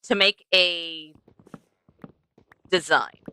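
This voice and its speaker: A woman's voice: fairly low pitch, fairly even intonation, drawn-out words, pushed and bright, smooth, no echo. A young woman streaming a game, chatting to herself and to the animals she passes as she plays. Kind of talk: casual gameplay commentary.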